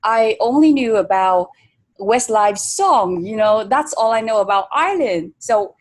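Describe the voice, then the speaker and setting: A woman's voice: a little high, lively intonation, measured pace. Woman hosting an interview. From Vietnam. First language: Vietnamese. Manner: thoughtful, uses many fillers. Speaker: host. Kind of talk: interview conversation.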